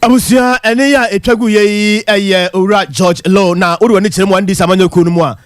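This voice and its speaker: A man reading the radio news with a brisk, lilting delivery. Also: sits high, steady tone, no echo. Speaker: newsreader.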